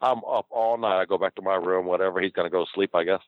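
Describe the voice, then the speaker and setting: Ex-wrestler man, low voice, swears and laughs through a story; dry, dull lo-fi sound. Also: steady tone, fast, no room sound. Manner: laughs often, swears freely. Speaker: former pro wrestler, guest. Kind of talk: casual storytelling.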